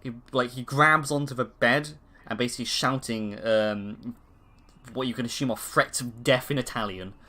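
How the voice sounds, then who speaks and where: A man's voice: medium pitch, moderate pace, sharp tone. A man narrating a tabletop horror game as game master in a casual, loose way. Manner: casual, laughs easily, loose descriptive narration.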